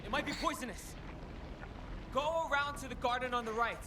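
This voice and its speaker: Cautious young game guide, very high voice, urgent instructions, noisy game audio. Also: male voice, fairly quick. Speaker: game character. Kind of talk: game dialogue.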